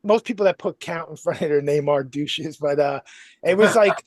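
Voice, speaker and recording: A man's voice: a little high, moderate pace, no room sound. A man as a podcast guest, telling stories casually and laughing often.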